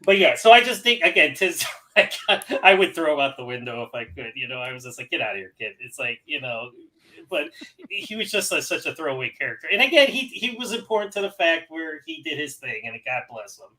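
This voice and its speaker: A man's voice: fairly high pitch, very animated, brisk, bright, forceful tone, low-quality recording. A man from New Hampshire co-hosting a casual movie podcast, rambling with restarts and frequent laughs. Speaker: podcast co-host. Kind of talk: casual movie-review chat.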